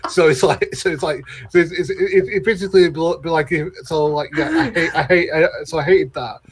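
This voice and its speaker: A man's voice: a little high, brisk, slight background noise. A man co-hosting a casual movie-ranking chat, stammering through blunt opinions. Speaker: podcast co-host.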